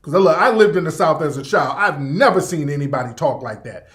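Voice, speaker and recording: A man's voice: fairly high pitch, animated, fairly quick, fairly bright tone. A man in a casual livestream rant, emphatic and profane, repeating his points over and over. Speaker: livestream commentator.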